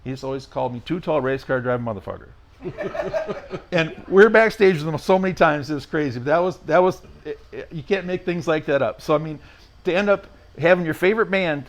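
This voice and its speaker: A man in his sixties, a retired race car driver as a podcast guest, telling stories in a blunt, rough-spoken, rambling way. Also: a little high, fairly quick, a bit bright. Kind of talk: casual storytelling interview.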